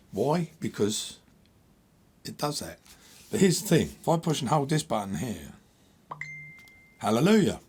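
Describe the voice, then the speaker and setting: A man hosting a casual gear demo, talking bluntly and explaining in an animated, chatty way. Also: medium pitch, slightly rough. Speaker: host.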